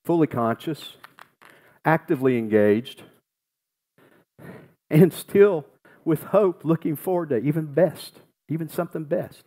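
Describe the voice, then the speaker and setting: Older pastor preaching earnestly. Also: male voice, on the high side, measured pace, long pauses, dark tone. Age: 60s. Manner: storytelling, earnest, folksy. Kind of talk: sermon.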